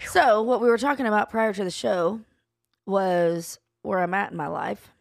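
A woman co-hosting a podcast in casual chat, telling stories with animated flair. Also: medium pitch, normal speed, gravelly, no room sound, clean studio sound. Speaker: podcast co-host.

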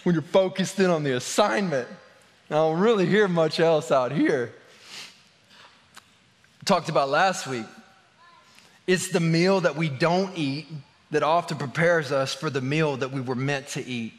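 A man's voice: a little high, unhurried, long pauses, long reverb tail. A man preaching a sermon as a pastor, telling a funny story with lots of laughter and filler words. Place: church.

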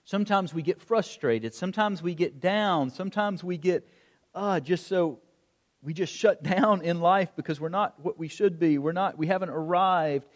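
A middle-aged man preaching a sermon, telling stories in an animated way and acting out the calls of a coach. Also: high voice, moderate pace. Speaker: pastor. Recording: long hall reverb.

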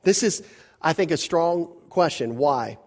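Male pastor, a little higher-pitched than most men, conversational sermon delivery full of rhetorical questions and self-corrections. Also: a little slow. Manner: grows animated when telling a personal story. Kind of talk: verse-by-verse sermon.

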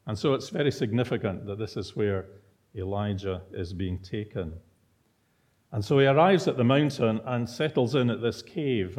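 Teacherly male preacher, lowish voice, quizzes the congregation. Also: a little mellow. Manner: teacherly, asks the listeners rhetorical questions. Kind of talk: expository sermon.

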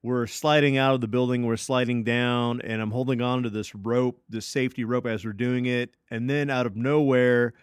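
Smooth-voiced man telling a story. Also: medium pitch, fairly even intonation, moderate pace, few pauses, dry recording, clean studio sound. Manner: loose and profane, full of fillers and restarts. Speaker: podcast co-host. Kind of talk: casual storytelling.

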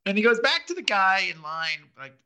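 A man's voice: high-pitched, big pitch swings, normal speed, bright, forceful tone, clear, resonant tone. A man in casual chat, animatedly retelling a TV episode and acting out the characters' lines.

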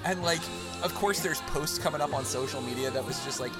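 A man hosting a casual podcast, talking at length and with strong feeling, swinging from excited outbursts to hushed, tender stretches. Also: medium pitch, quick pace, hardly any pauses, over loud music. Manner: long-winded, emotional, swings from excited to hushed. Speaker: podcast host.

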